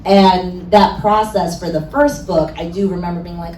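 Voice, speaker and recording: A woman's voice: mid-range voice, moderate pace, darkish tone, a little hiss or hum. A woman moderating a book signing event, talking in a thoughtful, conversational way. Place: bookstore event. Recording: echoey room, mic far off, faint chatter.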